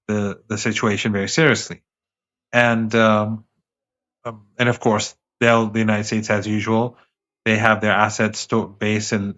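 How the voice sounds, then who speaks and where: A man speaking as a guest analyst in a remote interview, talking fast and emphatically with rhetorical questions and frequent restarts. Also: lowish voice, a bit bright. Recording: dull lo-fi remote audio.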